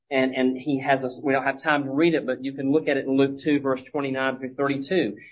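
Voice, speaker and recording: Conversational male pastor, slightly muffled. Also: medium pitch. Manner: conversational, many restarts, acts out quoted lines. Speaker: pastor teaching a Bible study. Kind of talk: teaching sermon.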